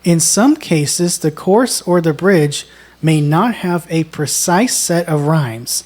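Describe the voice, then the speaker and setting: A woman co-hosting a songwriting lesson, explaining in a measured, deliberate way. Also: low voice, expressive, darkish tone. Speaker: songwriting co-host. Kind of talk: instructional conversation.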